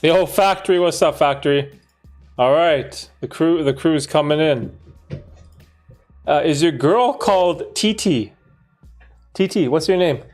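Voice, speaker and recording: A man hosting a casual livestream, laid-back and playful with slangy banter, gentle when he talks to young children. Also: on the high side, unhurried, pauses often, soft background music. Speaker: livestream host.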